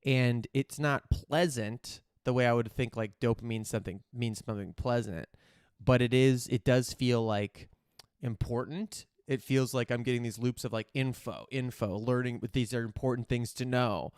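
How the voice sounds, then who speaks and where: A man's voice: mid-range voice, fairly even intonation, normal speed, darkish tone, clear, resonant tone, no echo, studio quality. A man hosting a podcast, chatting in a rambling, candid way and swearing casually. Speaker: podcast host. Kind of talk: casual chat.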